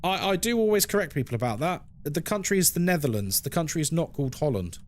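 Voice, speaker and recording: Lively chatty man streaming. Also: fairly high pitch, fast talker. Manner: playful, chatty, reacts to chat messages aloud. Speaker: game streamer reading chat. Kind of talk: casual live-stream chat.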